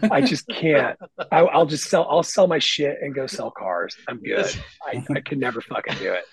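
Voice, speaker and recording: A middle-aged man, a guest guitarist, telling stories in casual podcast chat with lots of swearing and animated emphasis. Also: mid-range voice, moderate pace, breathy edge, rough recording. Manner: profane, animated storyteller. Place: lives in Nashville.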